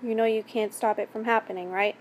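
A woman reading the lines of a cold, domineering man in a spoken story, keeping a calm and measured delivery in a somewhat high voice. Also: a little hiss or hum, lightly acted. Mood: cold commanding.

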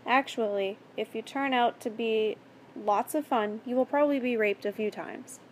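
A woman's voice: a little high, slight background noise. A woman reading a story aloud and voicing a mocking, menacing male captor with a sticky, falsely kind manner. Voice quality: sticky-sweet mock kindness. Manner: taunting, calm, controlling.

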